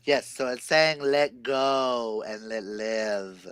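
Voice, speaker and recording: A man's voice: medium pitch, slow pace, fairly bright tone, smooth, dry recording, low-quality recording. A man co-hosting a casual live-stream chat, giving playful, dramatic oracle card readings. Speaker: co-host reading oracle cards.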